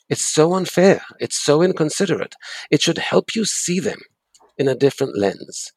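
Gravelly, emphatic man giving advice. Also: fairly high pitch, big pitch swings, moderate pace, dry recording. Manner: earnest, emphatic, repeats key words. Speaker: guest expert on breakups. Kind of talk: advice interview.

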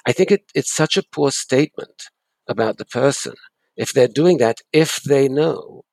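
Man, advice guest; gravelly, husky, earnest and emphatic, dry close sound. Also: mid-range voice, normal speed, a little mellow, no echo. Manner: earnest, emphatic, repeats key words. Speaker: guest expert on breakups. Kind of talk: advice interview.

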